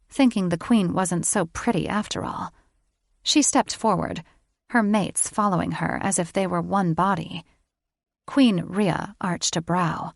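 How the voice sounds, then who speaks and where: A woman narrating a fantasy audiobook in a measured, unhurried storytelling manner. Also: on the low side, steady tone, gravelly, dry recording, clean studio sound.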